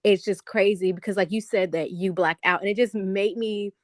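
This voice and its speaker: A woman's voice: mid-range voice, fairly even intonation, normal speed, no room sound. A woman with a mid-range voice speaks in an affirming way in a casual conversation. She often calls her friend "girl". Her voice sounds dry and close. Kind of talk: casual chat.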